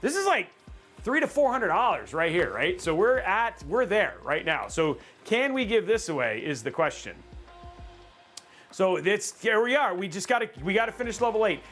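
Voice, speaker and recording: Excitable high-voiced man hosting a livestream. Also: moderate pace, soft background music. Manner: excitable, rambling, self-mocking. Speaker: livestream host. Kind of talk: casual livestream chat.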